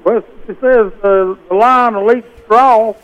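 A man's voice: high voice, a little slow. A man calling in to a radio show, plain-spoken and a little hesitant as he asks his question. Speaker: caller. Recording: muffled phone line.

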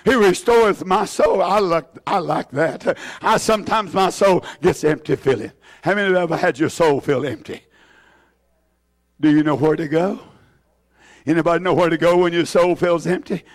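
A man preaching a sermon with fire, shouting out hallelujahs, then dropping to hushed low lines. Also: moderate pace. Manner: exclaims hallelujah often.

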